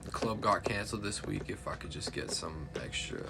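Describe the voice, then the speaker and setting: A man's voice: fairly low pitch, fairly quick, creaky, very noisy. A man playing in a tabletop role-playing game, speaking hesitantly and trailing off. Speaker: player. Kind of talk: casual in-character play.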